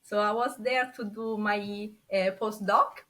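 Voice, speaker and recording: A woman's voice: medium pitch, steady tone, measured pace. A woman from Italy with an Italian accent, a scientist and guest on a podcast who chats easily and often laughs. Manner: chatty and warm, laughs often. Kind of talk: casual interview chat.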